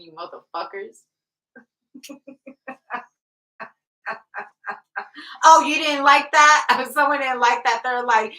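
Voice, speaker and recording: A woman's voice: a little high, sharp tone. A woman giving a casual tarot reading, blunt and profane, often breaking into laughter. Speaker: tarot reader. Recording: roomy sound from off the mic.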